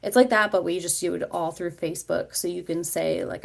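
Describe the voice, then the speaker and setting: A woman's voice: on the low side, steady tone, a little fast, gravelly, few pauses. A woman vlogger chatting casually on a livestream, rambling with many fillers and restarts. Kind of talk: casual live chat.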